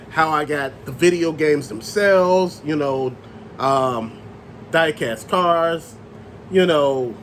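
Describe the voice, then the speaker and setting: Animated high-pitched man ranting. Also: a little hiss or hum. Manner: loose, animated rant with slang and cussing. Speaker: channel host. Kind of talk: ranting to camera.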